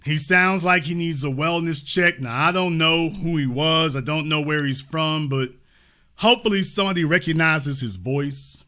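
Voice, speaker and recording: A man's voice: fairly high pitch, moderate pace, pushed and bright. A man hosting a live call-in talk show, talking casually and repeating his points. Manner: casual, repetitive, restates lines.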